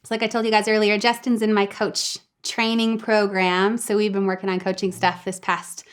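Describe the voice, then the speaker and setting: A woman vocal coach hosting a live online singing lesson, praising students and handing over to a colleague in a relaxed, conversational way. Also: medium pitch, moderate pace, smooth.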